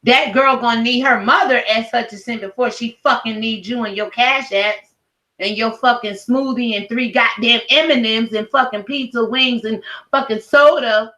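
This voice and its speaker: A woman's voice: a little high, steady tone, moderate pace, bright, forceful tone. A middle-aged woman ranting at home in a blunt, profane, heated commentary video. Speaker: commentary vlogger. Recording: roomy echo.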